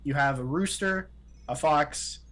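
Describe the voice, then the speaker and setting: A man's voice: a little high, a little slow, fairly bright tone, low-quality recording. A man co-hosting a casual podcast, earnest and explanatory as he tells a story at length. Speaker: podcast co-host. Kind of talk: casual chat.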